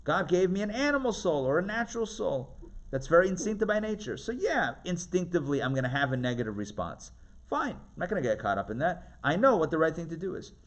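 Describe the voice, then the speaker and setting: A man teaching a live class as a rabbi, his voice fairly high for a man and swinging widely in pitch. He talks in a chatty, animated way, keeps checking in with his listeners and laughs easily. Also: quick pace, highs cut off. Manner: animated, chatty, asks the audience questions, laughs often.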